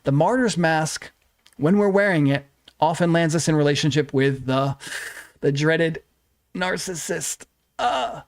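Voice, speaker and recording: A man coaching his livestream audience on relationships, speaking in an earnest, repetitive way. His voice sits a little on the higher side for a man, and he keeps checking in with his listeners. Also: steady tone, normal speed. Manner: earnest, repetitive phrasing with frequent "right?". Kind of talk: livestream teaching talk.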